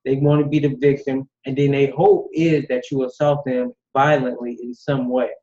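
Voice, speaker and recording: A man's voice: mid-range voice, flat delivery, normal speed, warm tone. A man giving blunt, dismissive casual commentary, recorded with slightly dull lo-fi sound. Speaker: commentary host.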